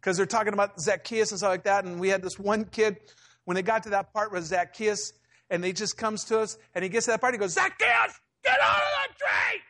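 Wysoki męski głos pastora prowadzącego kazanie. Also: male voice, sits high, fairly even intonation, quick pace, a bit bright. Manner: conversational storytelling preacher, acting out quotes. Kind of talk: sermon.

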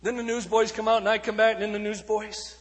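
A man preaching in a storytelling sermon style, swinging between shouted peaks and hushed passages. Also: high-pitched, little pitch movement, fast, big-room sound. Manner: dramatic, shifting from shouts to hushed tones. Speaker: evangelist speaker.

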